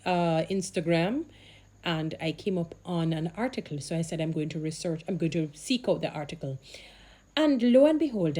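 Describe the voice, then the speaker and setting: A woman's voice: fairly low pitch, mellow. A woman vlogging in casual chat, rambling with restarts, asides and sarcastic humor to her viewers.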